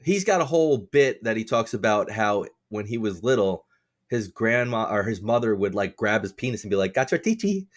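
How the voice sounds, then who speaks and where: A man co-hosting a casual podcast, telling a rambling story with lots of swearing and laughter. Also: normal speed. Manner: acts out other people's lines in a lower voice. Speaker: podcast co-host. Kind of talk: casual chat.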